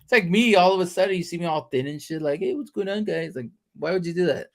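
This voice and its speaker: A man's voice: fairly high pitch, quick pace. A man hosting a casual podcast chat, joking and teasing his guest with lots of swearing. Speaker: podcast host.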